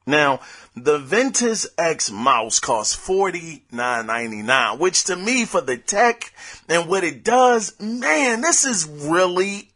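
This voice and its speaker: A young adult man hosting a casual gaming news podcast, rambling and excitable as he talks off the cuff. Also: on the high side, takes it slowly. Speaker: podcast host.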